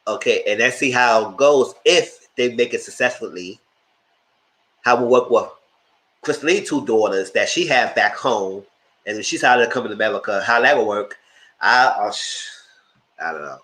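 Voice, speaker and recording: A man hosting a live show, giving animated, opinionated commentary on reality TV and talking straight to his viewers. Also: lowish voice, moderate pace. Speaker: host reviewing reality TV.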